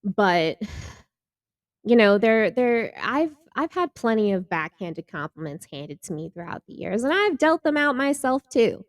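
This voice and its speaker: A woman's voice: medium pitch, big pitch swings, unhurried, dry recording, clean studio sound. A woman hosting a reaction video in a casual, chatty way, laughing often and acting out quoted lines.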